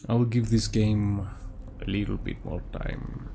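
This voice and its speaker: A man's voice: fairly low pitch, steady tone, measured pace, gravelly, warm tone, slight background noise. A male streamer giving casual, laid-back commentary while he plays a game, reacting aloud and swearing freely. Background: game music.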